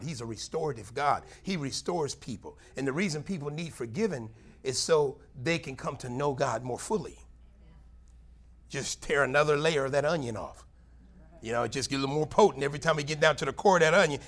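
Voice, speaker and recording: A middle-aged man, a longtime pastor, preaching a Bible study sermon in a folksy, conversational way, with sudden high, loud bursts for emphasis. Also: breathy edge.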